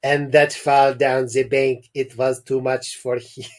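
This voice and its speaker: A man's voice: mid-range voice, level tone, slow pace, lightly acted. A man doing a hammy French doctor. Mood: grave. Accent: mock French. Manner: exaggerated, slipping accent. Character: mock-French male family doctor, grave.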